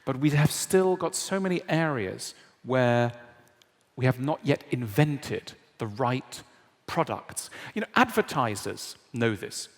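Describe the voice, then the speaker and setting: A man's voice: medium pitch, big pitch swings, slow. A man giving a public lecture in a wry, conversational way, often checking in with the audience. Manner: conversational, wry, frequent tag questions. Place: large lecture hall. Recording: long hall reverb.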